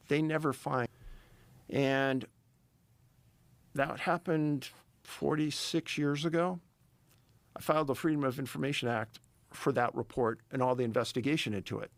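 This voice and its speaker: A man's voice: mid-range voice, gravelly, no room sound. A middle-aged man telling a story in a casual interview, emphatic and building tension. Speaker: podcast guest, missing-persons researcher.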